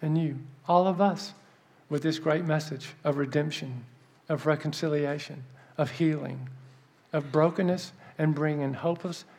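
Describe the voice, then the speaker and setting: A man giving a sermon as an earnest, animated story, dropping soft for emphasis. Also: a little high, normal speed. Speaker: preacher.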